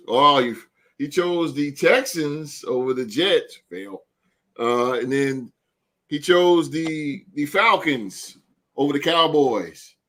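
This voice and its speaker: This podcast host, a man with a mid-range and slightly bright voice, keeps his casual sports talk loose and hyped, finishing lines with "man" and "son."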